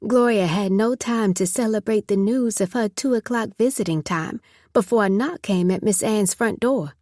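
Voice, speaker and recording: A woman narrating a story in a measured, scripted audiobook reading. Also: medium pitch, darkish tone, no room sound, studio quality.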